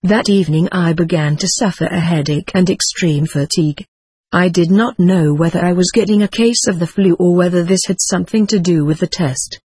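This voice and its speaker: A man reading a first-person account as audiobook narration, in a steady, measured way. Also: high-pitched, breathy edge, no room sound.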